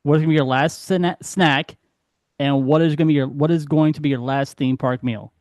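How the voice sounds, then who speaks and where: A man's voice: fairly high pitch, steady tone, a little fast, a little mellow, no room sound, clean studio sound. Eager, chatty man hosting. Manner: repeats his words, eager questions. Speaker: podcast host. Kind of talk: casual chat.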